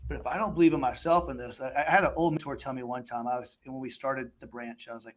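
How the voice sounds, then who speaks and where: A man's voice: medium pitch, steady tone, fast talker, few pauses. A man hosting a panel in an upbeat, encouraging way, quoting a mentor. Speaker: host. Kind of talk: moderating a panel.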